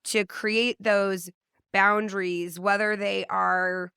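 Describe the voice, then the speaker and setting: A woman host working her way through a heartfelt interview question, restarting and rephrasing as she goes. Her voice is bright and smooth, recorded close and dry. She asks gently and at length. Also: mid-range voice, little pitch movement, slow pace, dry recording. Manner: thoughtful, searching questions with restarts. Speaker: podcast host.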